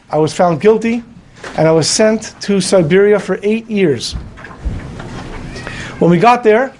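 A man's voice: high-pitched, darkish tone, slight background noise. A man telling a story in a Torah class, acting out the voices of the people in it. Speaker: rabbi.

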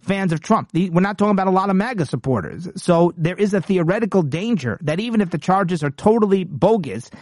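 A man's voice: high voice, animated, brisk, few pauses, a little mellow, no echo, studio quality. A man hosting a political commentary show, talking in an emphatic, combative monologue with frequent repeats and restarts.

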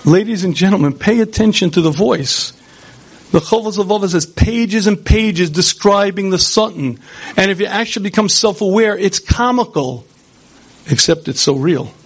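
Animated man giving a Torah lecture. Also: high voice, normal speed, slightly rough. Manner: animated, rhetorical, addresses audience directly.

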